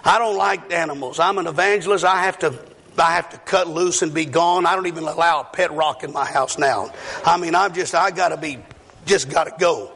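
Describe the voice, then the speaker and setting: A man's voice: on the high side, fairly quick, creaky, fairly bright tone. A middle-aged male evangelist telling a story in a sermon, drawling and folksy with plenty of fillers. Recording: hall reverb, faint noise.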